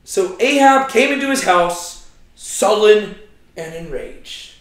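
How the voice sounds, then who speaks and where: Young male Bible teacher, casual and chatty, high voice, heavy room echo. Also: animated, slow pace, fairly bright tone. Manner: chatty, keeps asking right?. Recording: very echoey room.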